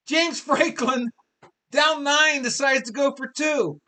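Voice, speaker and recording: A man's voice: very high-pitched, takes it slowly, bright, forceful tone. A man in his fifties hosting a live sports talk show, ranting in an exasperated way and repeating his questions. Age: 50s.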